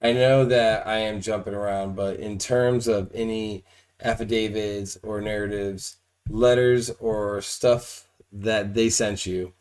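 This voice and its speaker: A man's voice: lowish voice, little pitch movement, takes it slowly, darkish tone, clean tone, low-quality recording. A man reading the questioner's lines from a deposition transcript aloud, joking and laughing between questions. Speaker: reader of the questioning officer's lines.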